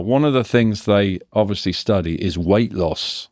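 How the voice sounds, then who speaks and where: A man's voice: lowish voice, moderate pace, darkish tone, no echo, studio quality. A man in his fifties, a podcast guest, talking reflectively and analytically in a casual interview, often restarting his sentences. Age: 50s.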